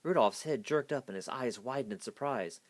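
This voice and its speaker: A man's voice: medium pitch, moderate pace. A man hastily reading a children's picture book aloud. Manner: hasty reading. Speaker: storyteller.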